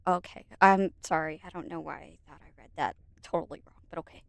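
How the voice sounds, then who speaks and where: A woman's voice: low voice, fairly quick, vocal fry, hardly any pauses, no room sound. A woman doing casual reaction commentary at home into a desk mic, chatty and sarcastic, stopping now and then to talk to her cat. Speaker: commentary YouTuber. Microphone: desk microphone.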